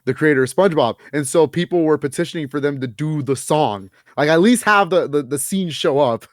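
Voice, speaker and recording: A fairly high-voiced man chatting on a podcast, animated and quick to laugh as he tells stories. The sound is dry and close, with no room around it. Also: no room sound. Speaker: podcast co-host. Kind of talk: casual chat.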